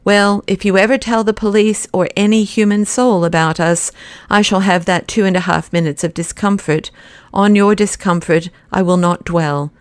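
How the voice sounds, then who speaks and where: A woman reading the part of a huge, commanding male anarchist president, brisk and mockingly courteous. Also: mid-range voice, fairly even intonation, smooth, no room sound, close to an everyday voice.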